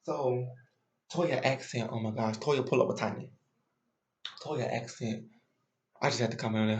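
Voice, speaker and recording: A man's voice: medium pitch, fairly even intonation, normal speed, long pauses, darkish tone, reverberant. A man giving a chatty, opinionated and sassy recap of a reality show in casual commentary.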